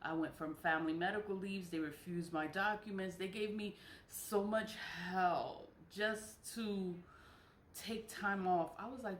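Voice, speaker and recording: A woman's voice: mid-range voice, fairly even intonation, measured pace. A woman talking in a casual, emphatic rant, repeating herself and swearing now and then. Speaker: vlogger. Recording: echoey room with faint noise.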